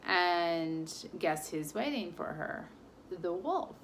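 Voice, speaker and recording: A woman's voice: lowish voice, expressive, slow pace, slight background noise. A woman who reads tarot, telling a channeled fable in a meandering, casual way with side remarks. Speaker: tarot reader. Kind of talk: channeled storytelling.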